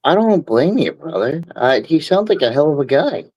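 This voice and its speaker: A man's voice: on the high side, very animated, moderate pace, darkish tone, breathy edge, rough recording. A man hosting a casual chat who talks in a frank, laid-back way and swears freely. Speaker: stream host.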